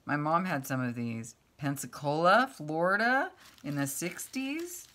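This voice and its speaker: A woman's voice: low voice, big pitch swings, unhurried. A woman in her fifties chatting casually to camera as she opens fan mail, gushing and exclaiming over each item and reading them aloud as she goes. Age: 50s. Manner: reads items aloud, thinking out loud. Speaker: craft vlogger opening fan mail.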